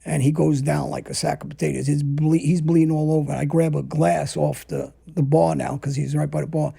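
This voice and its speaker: A middle-aged man tells his stories in a heavily gravelly, husky voice with a dark, mellow tone, sitting a touch higher than most men. He talks bluntly and casually, swearing freely and narrating past events in the present tense. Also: flat delivery, a little fast. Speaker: storyteller guest. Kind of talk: casual storytelling.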